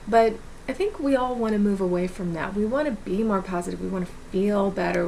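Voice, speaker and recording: A woman's voice: mid-range voice, vocal fry, darkish tone, slight background noise, low-quality recording. A woman talking to camera in an earnest, encouraging way, giving casual self-help advice. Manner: earnest, encouraging, repeats words. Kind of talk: casual motivational talk to camera.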